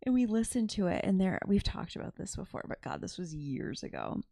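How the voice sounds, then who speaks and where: A woman's voice: mid-range voice, big pitch swings, fairly quick, creaky, warm tone, dry recording, clean studio sound. A woman co-hosting a podcast, speaking bluntly and wryly in casual chat and swearing freely. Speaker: podcast co-host.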